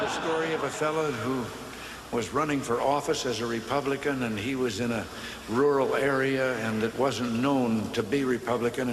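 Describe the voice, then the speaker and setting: A man in his seventies giving a humorous speech, delivering his punchlines dryly and deadpan. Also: mid-range voice, noisy background. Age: 70s. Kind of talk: humorous speech, telling jokes. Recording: speech in a large hall with long reverb.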